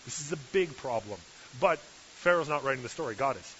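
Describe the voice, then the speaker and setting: A man's voice: medium pitch, expressive, brisk, fairly bright tone. A male preacher giving a sermon with humorous, sarcastic asides, in a dull lo-fi recording with hiss.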